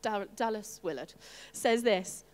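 A woman preaching a sermon to her congregation, animated and playful, with asides to the listeners. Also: mid-range voice, unhurried, big-room sound. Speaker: pastor.

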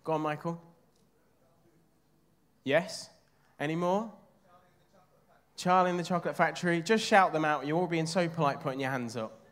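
A man's voice: a little high, normal speed, long pauses, fairly bright tone. A man from England preaching a sermon, chatting with his congregation and asking them questions.

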